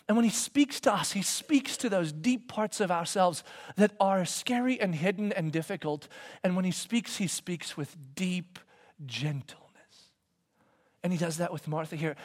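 Male pastor, sermon, fairly high voice, animated, drops to whispers, chatty questions to the congregation. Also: moderate pace. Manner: animated, swings from loud emphasis to soft whispers; conversational, asks the congregation questions.

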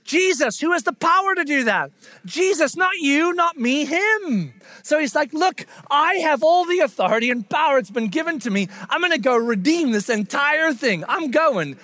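A pastor giving a conversational, animated sermon, acting out what people say. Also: male voice, very high voice, moderate pace, no echo. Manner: conversational, animated, acts out quotes in voices.

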